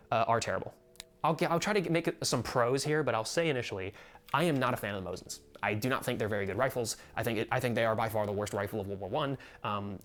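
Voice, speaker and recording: A man's voice: medium pitch, fairly bright tone. A young American man hosting a casual video about his collection, rambling with frequent laughs and free swearing. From United States. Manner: rambling, swears freely when annoyed, laughs often. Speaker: gun collector video host. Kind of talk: casual chat.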